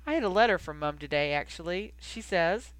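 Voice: medium pitch, expressive, a little fast, fairly bright tone, clear, resonant tone, dry recording, close to an everyday voice. A reader voicing a feisty, teasing young woman who talks back defiantly, in an audiobook reading.

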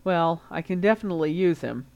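Woman reader doing a tired dad, even and firm, lowish voice, storybook read. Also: brisk. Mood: weary. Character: weary, steady middle-aged father.

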